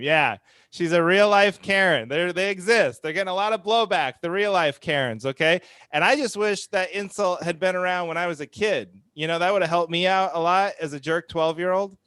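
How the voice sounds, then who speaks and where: A man in his thirties delivers a stand-up set in a smooth, resonant voice pitched a little above the usual. His humor is dry and self-deprecating, and he slips into quick acted-out quotes. The sound is close and dead, with no room around it. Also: a bit bright, dry recording. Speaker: stand-up comedian.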